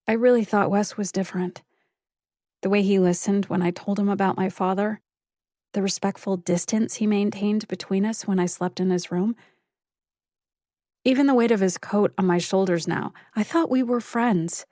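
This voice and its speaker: A woman reading a first-person psychological thriller audiobook in a measured, intimate storytelling manner on a close studio mic. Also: mid-range voice, steady tone, mellow, no echo. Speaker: audiobook narrator.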